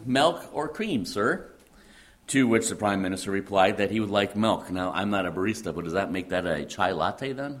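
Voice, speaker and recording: Man, Midwestern accent, pastor, deep low voice, conversational sermon, halting with fillers, light humor. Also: fairly bright tone. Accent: Midwestern American.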